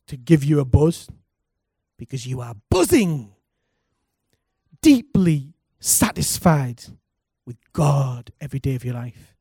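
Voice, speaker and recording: Pastor, slightly high voice, dry close sound, animated preaching with call and response. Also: male voice, slightly rough, no echo. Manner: animated preaching, calls for congregation responses, laughs. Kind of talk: sermon.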